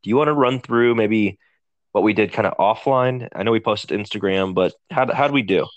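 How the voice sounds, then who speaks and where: A man's voice: fairly low pitch, normal speed, dry recording, lo-fi sound. A man co-hosting a podcast, leading a casual sports chat in an easygoing, conversational way. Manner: easygoing, conversational, leads the questions. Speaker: podcast co-host.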